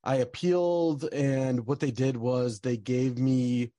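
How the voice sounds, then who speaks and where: A man's voice: medium pitch, fairly even intonation, slow pace, warm tone, no room sound. A young man telling a personal story in a casual, rambling way, with lots of fillers and bursts of frustration. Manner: rambling, many fillers, gets heated and swears.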